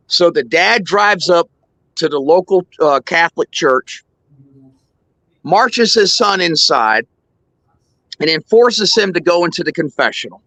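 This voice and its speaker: Bright-voiced man telling a joke. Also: on the high side, animated, no room sound, rough recording. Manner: rambling, halting storyteller. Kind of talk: joke telling, casual chat.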